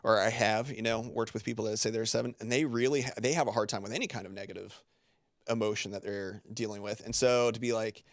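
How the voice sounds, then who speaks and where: A man's voice: fairly low pitch, steady tone, quick pace, dry recording, studio quality. A man speaking as a guest on a podcast, in loose, rambling conversation full of filler words and restarts. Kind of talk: casual interview talk.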